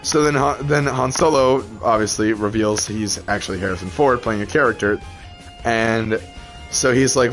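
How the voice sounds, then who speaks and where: A gaming channel host talks over his gameplay in a medium-pitched, slightly bright voice at a moderate pace, with faint music in the background. He rambles casually through a story, full of fillers and laughter.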